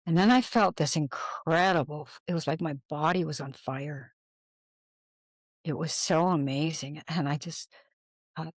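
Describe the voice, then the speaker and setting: A woman's voice: low voice, normal speed, dry recording. An older woman, a podcast guest, telling a personal story and acting out the dialogue she quotes.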